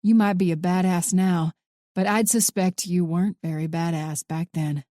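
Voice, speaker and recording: A woman's voice: fairly low pitch, fairly even intonation, moderate pace, mellow, dry recording, studio quality, close to an everyday voice. A woman voicing a protective male FBI agent. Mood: tender.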